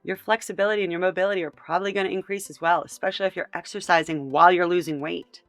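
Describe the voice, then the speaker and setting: A woman's voice: on the low side, fairly even intonation, very fast, no room sound, soft background music. A woman hosting a reaction video, talking in an exasperated, incredulous and emphatic way. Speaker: commentary host. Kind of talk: reaction commentary.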